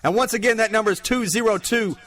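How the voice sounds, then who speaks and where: Speaking fast in a high-pitched, fairly bright voice, a man hosts his own podcast. He jokes and rambles casually while reading news items, with lots of profanity throughout.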